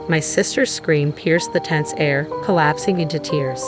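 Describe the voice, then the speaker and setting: A woman narrating a first-person drama story in a measured, grave tone, with music playing underneath. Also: low-pitched.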